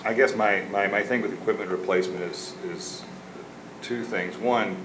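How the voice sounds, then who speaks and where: A man's voice: fairly low pitch, normal speed. A man, a city council member thinking aloud in discussion, often repeating words as he goes. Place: council chamber. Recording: echoey chamber, background noise.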